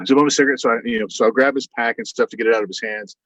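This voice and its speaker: Brief: male podcast guest, mid-pitched, rambling and animated storyteller, dull dry sound. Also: very fast, dry recording. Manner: rambling, animated retelling with quoted voices and frequent fillers. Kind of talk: casual anecdotal storytelling.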